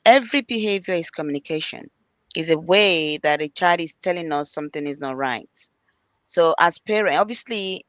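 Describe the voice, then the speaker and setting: A middle-aged woman who works as an early years practitioner appears as a panel guest, earnestly offering parenting advice. Her low voice is clear and resonant with no echo, and she repeats key points and acts out conversations with children.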